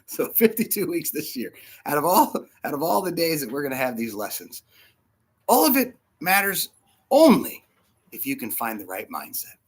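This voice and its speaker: A man preaching a casual sermon, short of breath with fluid in his lungs, animated and laughing often between soft asides. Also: on the high side, moderate pace, slightly rough. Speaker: pastor.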